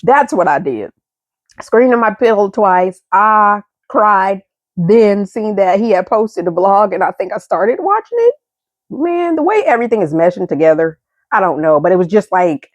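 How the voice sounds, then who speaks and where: Rambling, emotional young woman vlogger. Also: dry recording. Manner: rambling, emotional, repeats and restarts words; swings between high excited and low subdued tones. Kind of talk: candid storytelling monologue.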